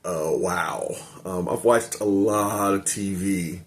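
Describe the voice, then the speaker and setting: A man's voice: sits low, steady tone, slow pace. An older man casually reviewing an anime episode, rambling and correcting himself as he recaps the plot. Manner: rambling, self-correcting recap with many ums.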